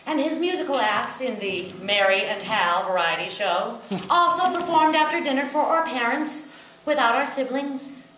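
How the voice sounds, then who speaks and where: A woman performing a solo comic show on stage, telling wry, expressive stories about her brother. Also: a little high, slight background noise. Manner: wry, expressive storytelling, breaking into song. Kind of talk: live comic storytelling with song. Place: small theatre stage. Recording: roomy live theatre recording from a distance. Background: audience laughter.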